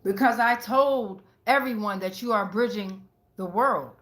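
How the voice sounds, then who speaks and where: A woman giving a casual tarot reading to her viewers, talking excitably with lots of profanity, repeating phrases and checking in with "right?" again and again. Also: mid-range voice, measured pace, reverberant. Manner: profane, keeps asking "right?". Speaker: tarot reader.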